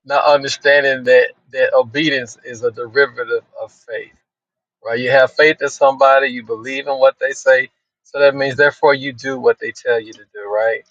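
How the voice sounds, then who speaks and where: A man's voice: mid-range voice, fairly even intonation, normal speed, a bit bright, no room sound. A man in a study group cutting in casually, building his point step by step and thanking the others. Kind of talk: casual chat. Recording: dull lo-fi phone audio.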